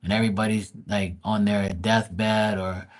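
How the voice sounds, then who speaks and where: Male tarot streamer, fairly low voice, blunt and foul-mouthed, casual chat with viewers. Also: level tone, unhurried. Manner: blunt, profane, greets chat viewers by name. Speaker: livestream tarot reader.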